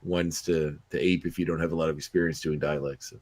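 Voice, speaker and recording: A man hosting a podcast interview, chatting casually and halting often with restarts. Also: rumbling low, little pitch movement, darkish tone. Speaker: podcast host.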